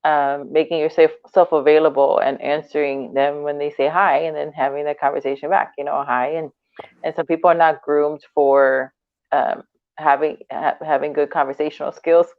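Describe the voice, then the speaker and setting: A woman co-hosts a casual podcast chat, laughing often and slipping into little acted-out quotes. Her voice sits low. The sound is dry and tinny, like a phone call. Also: flat delivery, moderate pace, dry recording. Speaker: podcast co-host.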